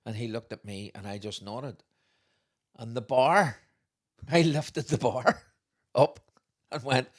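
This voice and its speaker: A middle-aged man, co-hosting a podcast and telling stories in a lively way, laughing often. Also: mid-range voice, a little slow, long pauses. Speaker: podcast co-host, father. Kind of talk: casual storytelling chat.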